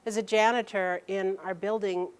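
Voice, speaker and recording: A woman telling a personal story aloud, halting and restarting sentences and acting out the people she quotes. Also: medium pitch, steady tone, smooth.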